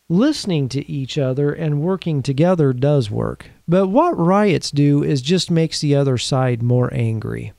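Earnest, emphatic man, dry warm voice. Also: fairly high pitch, big pitch swings, vocal fry, dry recording. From United States. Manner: earnest, emphatic, slows down to stress points; asks the listener rhetorical questions. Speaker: commentator. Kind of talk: opinion commentary.

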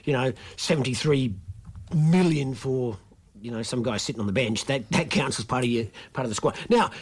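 A man's voice: mid-range voice, normal speed, breathy edge. A man with an Australian accent hosting a community radio football show, chatty and jokey, often stumbling over his words. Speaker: radio host. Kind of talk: casual radio chat.

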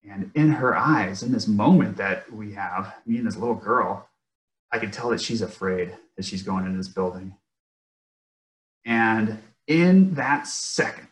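Man, fairly low voice, earnest and reflective, personal story, echoey room. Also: a bit bright. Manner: earnest, reflective, with halting pauses. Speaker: interview guest, former fighter pilot. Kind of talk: personal story told in an interview.

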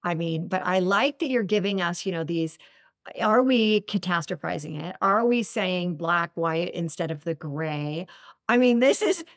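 A woman's voice: lowish voice, animated, measured pace, no echo. Affirming woman host, dry sound. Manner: affirming, reflective questions. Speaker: podcast host. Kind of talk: casual interview talk.

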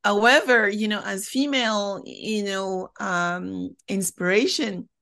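French-accented woman guest on a podcast, chatty and animated, mid-pitched voice, just talking easy. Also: slow, vocal fry. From France. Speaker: podcast guest, company founder. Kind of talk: conversational interview.

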